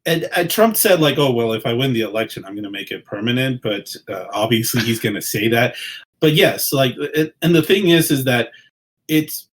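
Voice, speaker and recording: A man's voice: medium pitch, animated, moderate pace, husky. A man co-hosting a podcast in casual political chat, earnest and often restarting his sentences. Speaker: podcast co-host.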